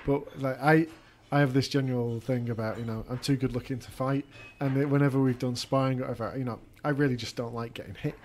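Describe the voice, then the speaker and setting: A man's voice: medium pitch, steady tone, fast talker, few pauses, darkish tone. Guy rambling through a question, self-deprecating, um and like everywhere, faint room noise. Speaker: podcast producer. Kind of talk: casual interview chat.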